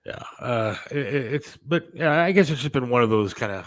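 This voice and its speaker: A man's voice: medium pitch, lively intonation, moderate pace, low-quality recording. A man in casual talk-show chat, telling rambling stories with lots of fillers and restarts. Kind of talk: casual radio-style chat.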